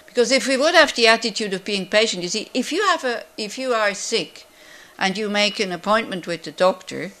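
Woman, Buddhist teacher, conversational, rhetorical questions, medium pitch. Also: animated, fairly quick, hardly any pauses, a bit bright. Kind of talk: Dharma teaching to a class.

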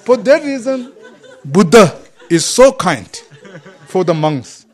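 A man teaching as a Buddhist monk, speaking halting English that is not his first language, often pausing to find a word and chuckling through his points. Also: high voice, very animated. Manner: broken English, often gropes for words. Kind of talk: dharma talk to a group.

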